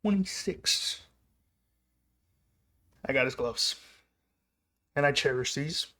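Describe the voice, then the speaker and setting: A man's voice: mid-range voice, level tone, unhurried, bright, forceful tone. A man telling a personal story in a casual, rambling vlog style, often breaking off and restarting his sentences. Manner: rambling, chatty, self-interrupting. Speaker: vlogger.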